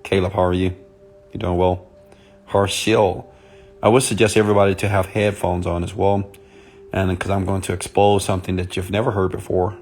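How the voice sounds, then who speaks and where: Guy talking low and soft on a live stream, chatty, saying hi to people, kinda deep voice. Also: little pitch movement, moderate pace, soft background music. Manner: soft, intimate on purpose; chatty, greets commenters by name. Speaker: motivational speaker. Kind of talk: live-stream talk to viewers.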